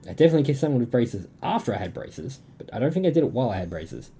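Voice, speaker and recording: Dark-voiced Australian man reading a game. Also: mid-range voice, big pitch swings, very fast, slightly rough. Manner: reads game dialogue in a plain voice, breaks off to chat and laugh. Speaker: streamer. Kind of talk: reading and voicing a dating game aloud.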